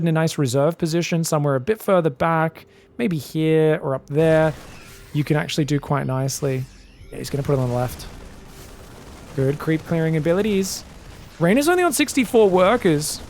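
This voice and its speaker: Male esports caster, higher voice with gravel, excitable, talks straight to viewers. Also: slight background noise. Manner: excitable, bursts into loud shouts at big plays; chatty, addresses viewers directly. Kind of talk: live game commentary.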